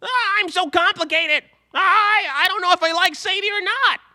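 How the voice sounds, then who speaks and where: A man voicing a moody, whiny teenage boy from a cartoon, with strained, high whining and cries. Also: normal speed, pushed and bright, heavily acted.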